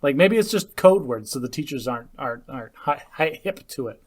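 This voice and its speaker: A man from Arizona co-hosting a podcast in casual chat, halting and restarting as he jokes. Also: mid-range voice, animated. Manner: halting, self-interrupting, joking. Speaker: podcast co-host.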